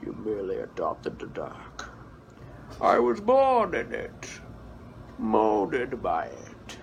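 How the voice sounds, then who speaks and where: Man doing a slow muffled masked villain. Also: wildly swooping pitch, gravelly, a little hiss or hum, exaggerated voice. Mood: menacing. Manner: slow, muffled, deep whispering menace. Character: masked male brute villain, cold, imposing.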